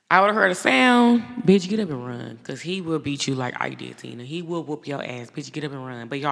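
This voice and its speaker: A woman hosting a podcast, giving blunt, profane, animated commentary in a casual way. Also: low-pitched, vocal fry, big-room sound. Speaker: podcast host.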